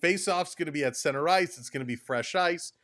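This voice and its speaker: A man hosting a live hockey watch-along, calling the play and chatting with viewers, quick to laugh. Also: fairly high pitch, no room sound, studio quality. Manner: excitable, laughs often, reads out viewer comments.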